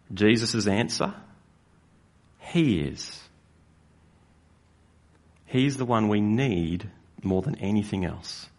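A man preaching a sermon as a pastor, earnest and slowing down to stress key lines. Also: on the low side. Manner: earnest, with slow emphatic stresses.

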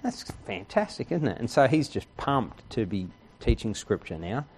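A man's voice: medium pitch, very animated, moderate pace, a little hiss or hum. A man preaching a sermon in an earnest, conversational way, often checking in with his listeners. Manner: earnest, conversational preaching with frequent "right?" asides. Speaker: pastor.

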